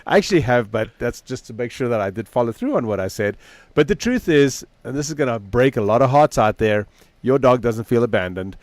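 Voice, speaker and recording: A man's voice: mid-range voice, a little fast, dry recording. A middle-aged man, a dog trainer co-hosting a casual podcast, telling stories animatedly and acting out the people in them. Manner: animated storyteller, acts out quoted people.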